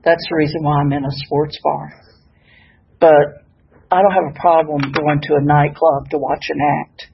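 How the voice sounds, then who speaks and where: Older woman, folksy and self-mocking, gravelly, faint hiss, audience hall. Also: deep voice, little pitch movement, moderate pace, dull audio. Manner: warm-hearted, folksy, laughs at herself. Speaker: recovery meeting speaker. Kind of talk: personal share at a sobriety meeting.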